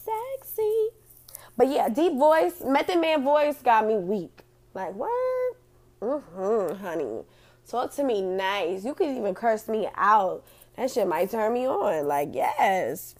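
A woman's voice: mid-range voice, very animated, slow pace. A woman hosting a casual chat and reading out audience comments, blunt and profane, laughing often.

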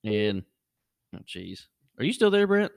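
A middle-aged man hosting a podcast, telling a casual story and jumping his voice up high when he acts out what people said. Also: a little slow, gravelly, smooth, no echo, studio quality. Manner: animated, jumps high when acting out quotes. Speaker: podcast host.

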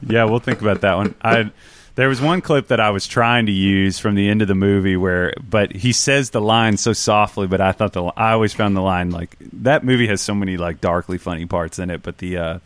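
A man with a Southern American accent, a guest on a casual podcast, talking in a relaxed, rambling way and a bit tired. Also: lowish voice, a little fast, dry recording. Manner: laid-back, rambling, self-aware. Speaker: podcast guest, video maker.

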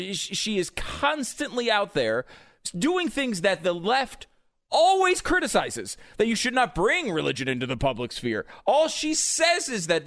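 A man's voice: high-pitched, a bit bright, no echo. A male co-host on a talk show, ranting with emphatic indignation. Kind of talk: comedic talk show banter.

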